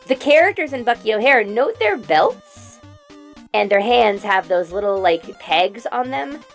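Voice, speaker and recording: A young adult woman streaming, chatting casually and rambling excitedly through trivia with quick restarts. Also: mid-range voice.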